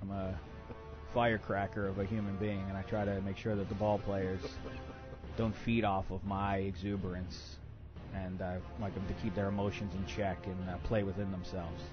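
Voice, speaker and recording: A man putting on the voice of a flat, hesitant male basketball coach who mumbles through his uhs. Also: sits low, dull audio, over music, pitched below the performer's own voice, close to an everyday voice. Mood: subdued. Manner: halting, hesitant, full of uhs.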